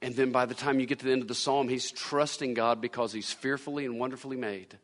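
A man's voice: mid-range voice, fairly even intonation, fast. A man preaching a sermon as pastor, repeating phrases for emphasis. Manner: preaching with repetition and rising emphasis. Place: church sanctuary. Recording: long church-hall reverb.

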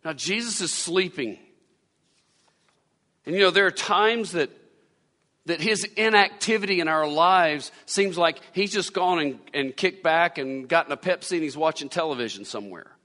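A man's voice: a little high, normal speed, sharp tone. A man preaching a sermon as pastor, repeating phrases for emphasis. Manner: preaching with repetition and rising emphasis. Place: church sanctuary. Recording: long church-hall reverb.

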